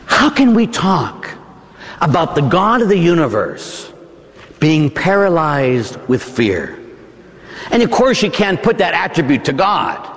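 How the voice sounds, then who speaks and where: A man, a Catholic priest, preaching a dramatic sermon that swings from hushed to shouting, in a church. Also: on the high side, vocal fry, in a large hall.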